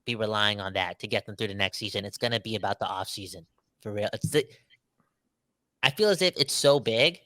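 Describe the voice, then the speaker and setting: A man co-hosting a sports podcast, talking in a casual, animated, slangy way about his team. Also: medium pitch, dry recording. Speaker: podcast co-host.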